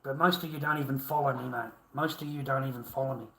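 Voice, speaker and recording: A man's voice: medium pitch, steady tone, fast, sharp tone, roomy sound, slight background noise. An Australian man livestreaming an angry, profane, combative rant at his viewers.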